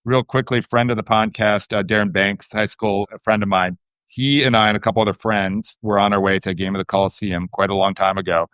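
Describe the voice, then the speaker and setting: A man's voice: lowish voice, fairly even intonation, brisk, clear, resonant tone, no echo. A man hosting a podcast, telling a rambling story before asking his interview question. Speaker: podcast host. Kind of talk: casual interview chat. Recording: slightly muffled, dry.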